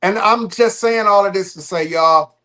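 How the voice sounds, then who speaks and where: High-voiced man hosting a loose livestream. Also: moderate pace. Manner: loose and repetitive, restarting phrases, emphatic then trailing off quietly. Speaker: livestream host. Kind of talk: casual livestream talk.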